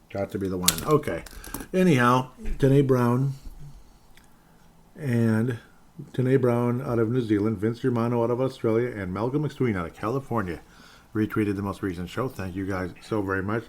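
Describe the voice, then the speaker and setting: Lower-voiced man ranting on a sports podcast. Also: moderate pace, long pauses. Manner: ranting, animated, sarcastic asides. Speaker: podcast host. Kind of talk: solo sports talk podcast.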